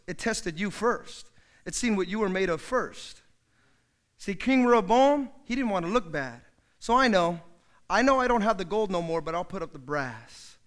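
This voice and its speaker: A man preaching a sermon as pastor, lively and acting out quoted people with loud outbursts. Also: high-pitched.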